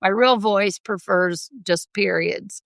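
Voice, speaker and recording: A woman co-hosting a casual podcast chat, her voice carrying a gravelly edge. She talks emphatically and breaks into laughter often, and the sound is close and dry with no room around it. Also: mid-range voice, takes it slowly, fairly bright tone, dry recording. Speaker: podcast co-host.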